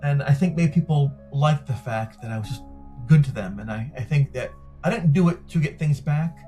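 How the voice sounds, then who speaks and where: A man's voice: on the high side, moderate pace, soft background music. A middle-aged man, an interview guest, recounting a personal story animatedly and acting out the dialogue. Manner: animated, acts out quoted dialogue.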